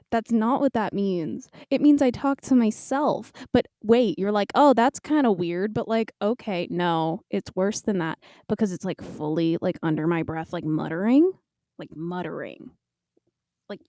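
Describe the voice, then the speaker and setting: A woman in her twenties tells a rambling, self-mocking story as a podcast co-host. Her voice is mellow and her pitch swings widely as she talks. The sound is dry and close to the mic. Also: no echo. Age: 20s.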